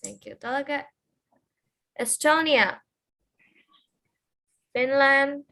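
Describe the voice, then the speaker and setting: A woman's voice: high-pitched, slow pace, gravelly, sharp tone. A woman chairing an online committee, calling the roll over a video call in a hesitant way with many fillers.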